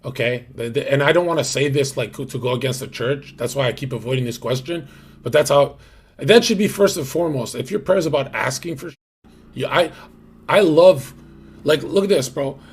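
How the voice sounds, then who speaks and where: A man's voice: mid-range voice, brisk, breathy edge. A young man hosting a livestream, talking in a rambling, slangy way with lots of fillers and restarts. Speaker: livestream host. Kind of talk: casual livestream chat.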